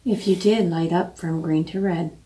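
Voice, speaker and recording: A woman's voice: on the low side, steady tone, moderate pace, warm tone. A woman on a ghost hunt calling out to a spirit, coaxing it with repeated commands. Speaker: paranormal investigator. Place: old basement, indoors. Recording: echoey basement, mic at a distance.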